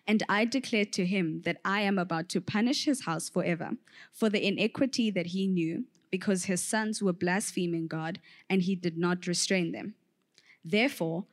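A woman reading a Bible passage aloud in church, measured and clear. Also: on the low side. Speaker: scripture reader.

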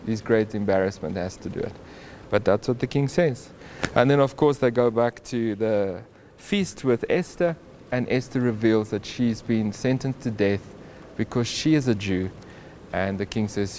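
A man's voice: mid-range voice, a little hiss or hum. Man retelling a Bible story with animation. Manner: animated storytelling with chuckles and restarts. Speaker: Bible teacher.

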